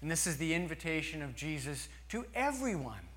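Man preaching slow and earnest, kinda high bright voice. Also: big pitch swings. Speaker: pastor. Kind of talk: sermon.

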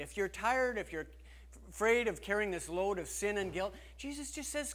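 A man's voice: sits high, lively intonation, normal speed, a bit bright. A man preaching a sermon as pastor, talking earnestly and conversationally, often restarting his sentences.

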